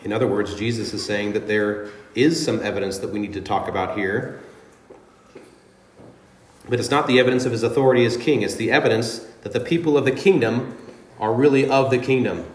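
A man's voice: fairly low pitch, fairly quick, echoey room, a little hiss or hum. A man preaching a sermon as pastor, speaking earnestly and emphatically, with dramatic readings of scripture. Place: church sanctuary.

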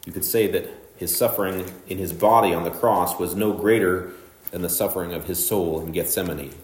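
A man preaching a sermon, walking through a passage with measured, emphatic phrasing. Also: low voice, reverberant. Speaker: pastor.

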